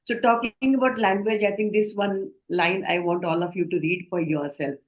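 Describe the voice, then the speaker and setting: In an online training session on communication in healthcare, an Indian English-accented woman teaches steadily and explains carefully, frequently putting questions to the group. Her pitch is medium with fairly even intonation. The recording is poor.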